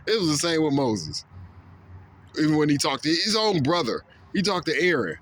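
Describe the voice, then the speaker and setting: A man's voice: a little high, lively intonation, brisk, long pauses, fairly bright tone, slight background noise. Stammering man ranting to camera. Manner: repetitive, stammering restarts; acts out quoted voices. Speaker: video blogger. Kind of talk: casual opinion monologue.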